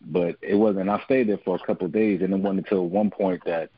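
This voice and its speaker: A man giving an earnest, halting personal testimony on a family prayer line. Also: low-pitched, steady tone, breathy edge, no echo, muffled recording.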